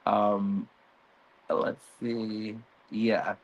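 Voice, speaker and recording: Slow-talking, easygoing man recapping a show. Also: lowish voice, muffled recording. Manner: relaxed, chuckling, many fillers. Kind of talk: casual recap chat.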